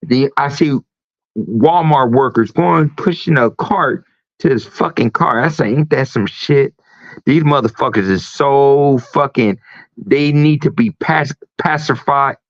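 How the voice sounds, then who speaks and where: A man's voice: medium pitch, unhurried, no echo. A man hosting a livestream talk show, ranting emphatically with a lot of profanity. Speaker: host. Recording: dull lo-fi stream audio.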